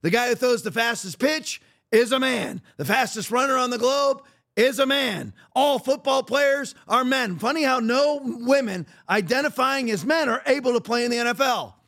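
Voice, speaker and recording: A man's voice: very high voice, normal speed, creaky, pushed and bright. A man hosting a podcast, giving blunt, emphatic and mocking commentary. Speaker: podcast host.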